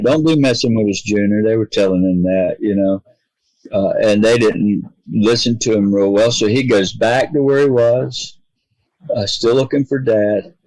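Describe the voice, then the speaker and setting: A middle-aged man from the United States, a podcast guest telling a long personal story in an earnest, halting way, voicing the people in it. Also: lowish voice, a little mellow, no echo, low-quality recording.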